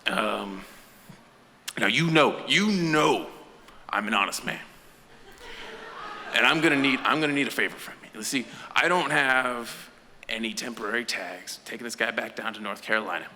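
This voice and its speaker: A slick male drug dealer haggles in a low, coaxing tone that can burst into brash hollers, as a storyteller puts him on. The voice has a sharp, bright ring. It is heard live in an echoey hall with a faint hiss of noise. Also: moderate pace, long pauses. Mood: persuading. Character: smooth-talking male drug dealer buying a car. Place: storytelling event on stage.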